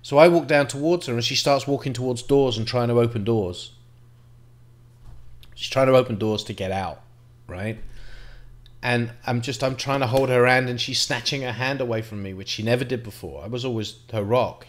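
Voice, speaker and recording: A middle-aged man, telling a painful personal story to camera in a halting, reflective way, with restarts and the odd swear word. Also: mid-range voice. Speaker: vlogger.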